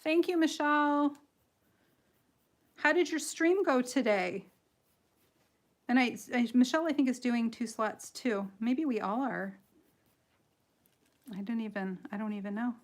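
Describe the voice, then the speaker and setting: A woman's voice: fairly high pitch, a little slow, long pauses. A woman with a light Michigan accent and a slightly nasal voice hosts a casual coloring livestream. She rambles, giggles, and pokes fun at herself while explaining each step. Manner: chatty, giggly, self-deprecating, rambling. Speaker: livestream host and coloring artist.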